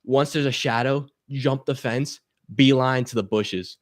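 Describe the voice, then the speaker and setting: A young man telling a story on a talk show as a guest, animated and swearing, acting out the voices of the people in it. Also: mid-range voice, a little slow, no echo, studio quality. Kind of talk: casual storytelling.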